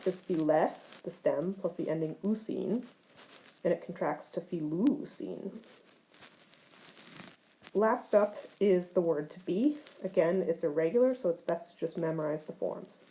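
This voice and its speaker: A woman teaching a recorded grammar lesson in a mellow, lowish voice. She explains each form step by step, clearly and methodically, with the odd filler. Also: moderate pace, low-quality recording. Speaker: Greek teacher.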